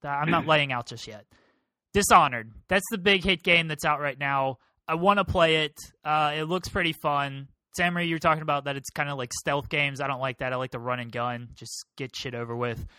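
A man's voice: a little high, a little fast, bright, forceful tone, clean tone, no room sound. A man hosting a casual podcast, teasing and joking with his guests. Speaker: podcast host.

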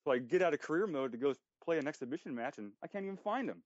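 A man chatting on a podcast at a rapid clip, joking and swearing freely. The sound is dull and lo-fi, with no room echo. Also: on the high side, lively intonation. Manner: profane, joking, quick-talking. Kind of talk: casual chat.

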